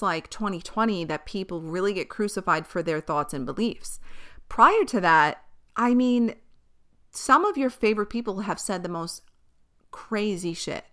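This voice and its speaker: A woman's voice: medium pitch, pushed and bright. A young woman hosting a casual solo podcast, chatty and candid, swearing and laughing easily. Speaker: podcast host.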